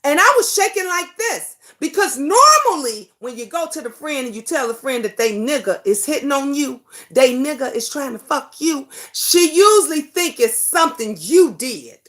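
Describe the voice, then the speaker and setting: This livestream talk show host has a high, fairly bright voice with lively intonation, talking at normal speed with few pauses. Impassioned and casual, she swears freely, names viewers directly and drives home the same rhetorical questions again and again.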